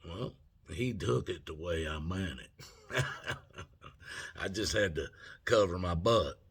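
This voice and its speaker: A man's voice: low voice, takes it slowly, slightly rough. A man, telling a personal story casually and acting out both sides of an argument. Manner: animated retelling, acts out both sides of the argument. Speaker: vlogger.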